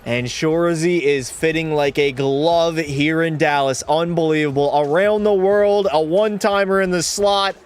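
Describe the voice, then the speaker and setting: Brief: young male streamer, higher-pitched voice, excitable play-by-play with swearing, music underneath. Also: normal speed, hardly any pauses, clean tone. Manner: excitable, swears, chats with viewers. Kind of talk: live gameplay commentary.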